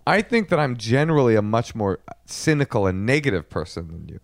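Joking man with a lively voice. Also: medium pitch, brisk, no echo, clean studio sound. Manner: joking, playfully exaggerated. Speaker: podcast co-host. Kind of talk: casual comedic chat.

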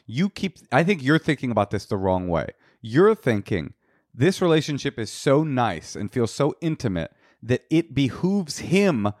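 A man's voice: medium pitch, no echo, clean studio sound. A man co-hosting an advice podcast, talking casually in a playful, joking way with frequent restarts. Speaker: podcast co-host.

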